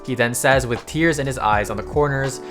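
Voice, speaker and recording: Dude doing a chill joking comic recap, average pitch, lots of bro asides, soft guitar in the back. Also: male voice, normal speed. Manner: joking, slangy asides to viewers. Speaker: manhwa recap narrator. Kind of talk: casual recap narration.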